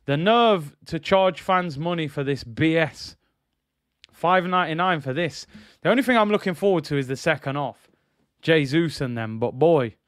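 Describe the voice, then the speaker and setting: A man's voice: on the high side, moderate pace, fairly bright tone, clear, resonant tone, no echo. Exasperated young man, dry close sound. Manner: exasperated, sarcastic, repeats himself. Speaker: football channel host. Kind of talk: live watch-along commentary.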